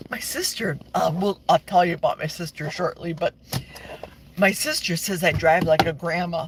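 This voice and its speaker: A talkative American woman in her sixties rambles to her live-stream viewers from a parked car. She speaks slowly, and her pitch swings lively from high to low. Clear car noise hums underneath, picked up by her phone. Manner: chatty, rambling, talks back to viewer comments. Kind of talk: casual live-stream chat. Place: parked vehicle. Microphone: phone held in the car. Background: vehicle noise.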